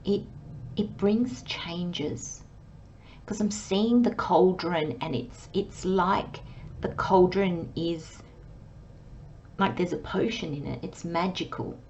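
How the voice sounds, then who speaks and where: Soft-spoken woman reading tarot, slightly muffled. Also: fairly low pitch, slow pace, a little hiss or hum. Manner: soft, dreamy, often drops to a whisper. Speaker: tarot reader.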